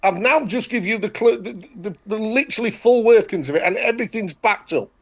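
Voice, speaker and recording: Emphatic high-voiced Yorkshire man. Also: fairly quick, a bit bright. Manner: emphatic, repetitive, declaring. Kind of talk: casual chat.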